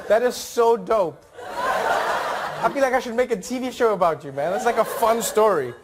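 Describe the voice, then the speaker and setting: Casting: high-voiced male comedian, playful crowd work, studio audience, background noise. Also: normal speed. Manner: animated, playful, slips into funny accents. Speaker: comedian host chatting with audience.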